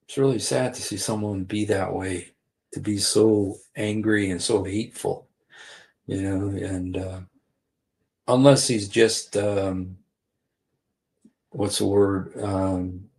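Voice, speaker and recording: A man's voice: lowish voice, gravelly, mellow. A man hosting a casual livestream, rambling with many fillers and restarts. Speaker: livestream host.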